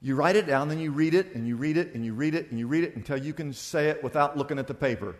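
Man preaching, animated, higher voice, long hall reverb. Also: fast. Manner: animated preaching, acts out little dialogues with shifts of loudness. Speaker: pastor. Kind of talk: sermon.

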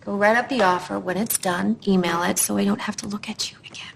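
Actress as a fierce cold businesswoman, gravelly voice, TV drama clip, faint background noise. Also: mid-range voice, steady tone, fast talker, natural voice. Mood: contemptuous. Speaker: television character.

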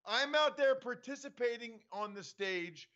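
A former football player talking in a rambling, self-assured way on a podcast. His voice sits high and sounds bright and forceful. The audio is dull and lo-fi. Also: expressive, a little slow. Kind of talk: casual sports podcast banter.

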